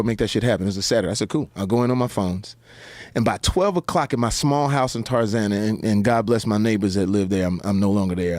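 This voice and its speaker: Animated man telling a story. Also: dry recording. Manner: acts out quotes in high put-on voices. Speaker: guest.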